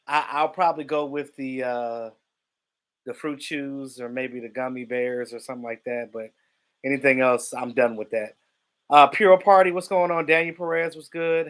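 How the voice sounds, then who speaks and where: A man hosting a casual livestream, greeting viewers by name and telling stories in an animated way. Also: mid-range voice. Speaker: livestream host.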